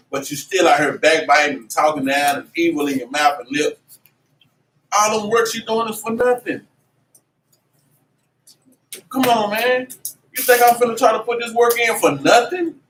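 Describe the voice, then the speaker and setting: A man teaching a religious class in an animated, preachy way, with lots of slang and repeated "man". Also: high voice. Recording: echoey room, mic at a distance, faint noise.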